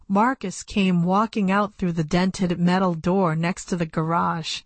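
Reading a first-person audiobook story close to a studio microphone, this female narrator keeps a plain, measured storytelling manner. Her pitch is fairly low, her tone steady, and the recording dry.

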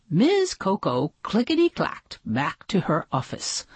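A woman narrating a children's picture book aloud with gentle, expressive storytelling. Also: lowish voice, slow pace, husky, dry recording.

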